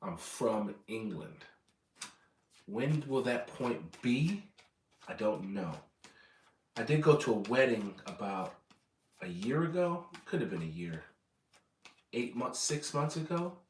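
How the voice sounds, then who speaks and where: A man's voice: lowish voice, a little hiss or hum. Rambling American man, roomy distant sound. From United States. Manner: rambling, self-correcting, repeats words. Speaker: vlogger. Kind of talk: casual livestream chat.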